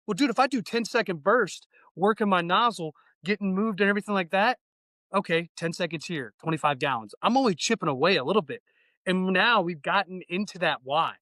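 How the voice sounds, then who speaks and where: On this podcast, the guest is a fire training instructor in his thirties whose high, expressive voice moves fairly quickly with a fairly bright tone. He's enthusiastic and slangy, acting out exchanges between people. The recording is dry and low in quality.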